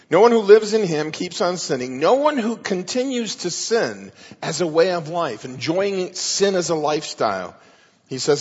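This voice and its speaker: A male pastor delivers an emphatic sermon, explaining scripture verse by verse. His voice sits a little high and carries a husky, breathy grain. The sound is dull and muffled, with a long echo trailing through a large hall. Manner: emphatic verse-by-verse Bible teaching.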